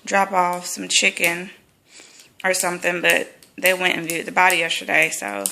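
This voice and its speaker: A woman's voice: fairly low pitch, moderate pace, vocal fry, noisy background. A woman telling a personal story in a casual vlog, chatty and full of fillers and restarts. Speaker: vlogger. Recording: echoey room.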